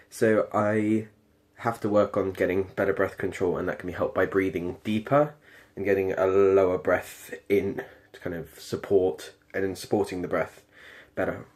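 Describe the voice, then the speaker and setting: A man's voice: low-pitched, darkish tone. A young man with a British accent talking casually about his singing practice in a rambling, hesitant way. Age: late teens. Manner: rambling, hesitant, many ums and restarts. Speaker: performing arts student. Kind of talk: casual video diary.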